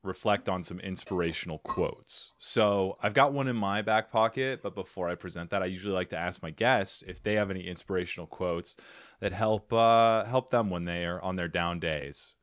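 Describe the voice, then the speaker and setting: A man's voice: deep voice, moderate pace, a bit bright, dry recording. A man hosting a comedy advice podcast, chatting casually with a guest in a self-deprecating way. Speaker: podcast host. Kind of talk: casual interview chat.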